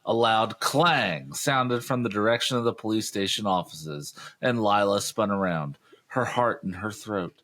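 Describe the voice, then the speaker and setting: A man's voice: fairly low pitch, unhurried, a bit bright. A man co-hosting a comedy podcast, reading a teen novel aloud with dramatic flair and mocking asides. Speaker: podcast co-host. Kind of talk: comic book-reading podcast.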